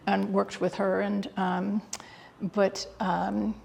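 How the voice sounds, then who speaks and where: A woman curator speaks in an interview with a gravelly, breathy voice. She talks eagerly but haltingly, restarting sentences and filling gaps with "um". Her voice carries a long reverb from the hall. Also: medium pitch, flat delivery, a little mellow. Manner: enthusiastic, hesitant with many fillers and restarts. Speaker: guest curator. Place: exhibit hall.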